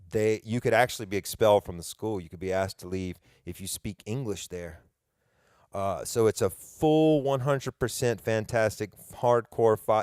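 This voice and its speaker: Rambling Southern US podcast host. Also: male voice, fairly low pitch, clean tone, no echo, studio quality. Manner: rambling, chatty, self-deprecating. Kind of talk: casual podcast monologue.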